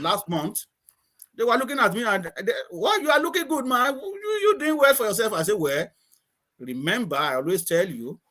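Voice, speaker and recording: A man's voice: on the high side, fairly bright tone. A man with an Antiguan accent, a guest in a casual chat, telling stories with repeated words and frequent laughter over a video call.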